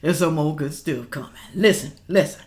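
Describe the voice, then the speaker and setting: A woman's voice: low-pitched, normal speed. A woman hosting a reaction channel, commenting casually and talking straight to her viewers. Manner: animated, talks straight to viewers as "y'all".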